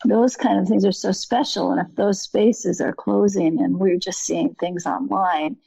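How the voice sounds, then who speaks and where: A woman's voice: medium pitch, steady tone, a little slow, creaky, husky, no room sound. A woman guest talking about art in a rambling, earnest way, often correcting herself. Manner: rambling, earnest, with frequent self-corrections and soft laughs. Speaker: guest artist. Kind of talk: casual conversation. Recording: dull lo-fi recording.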